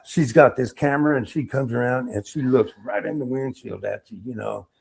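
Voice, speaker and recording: Gravelly middle-aged veteran telling stories. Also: male voice, medium pitch, a little fast. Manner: animated storyteller, acts out quotes, laughs. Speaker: Army veteran guest. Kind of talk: casual storytelling interview.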